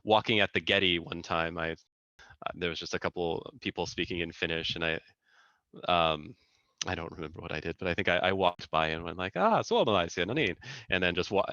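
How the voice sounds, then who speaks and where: A man's voice: sits low, little pitch movement, fairly quick, sharp tone, no echo. A man in his thirties, a guest engineer chatting casually in an interview, talking in loose sentences full of fillers and restarts. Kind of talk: casual conversation. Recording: dull lo-fi sound.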